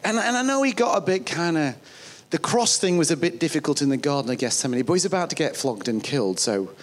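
A man's voice: a little high, lively intonation, quick pace. A man with a northern English accent, preaching a sermon in a chatty, storytelling way that often restarts phrases. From northern England. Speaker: pastor.

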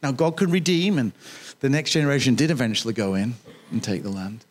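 A man's voice: medium pitch, brisk. A man preaching a sermon in a conversational way, repeating key phrases for emphasis. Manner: jokes with the congregation.

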